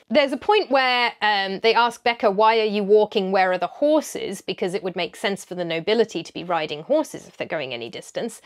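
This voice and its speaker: A woman, hosting a history video and explaining in a chatty way with frequent ums. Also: medium pitch. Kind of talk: educational commentary.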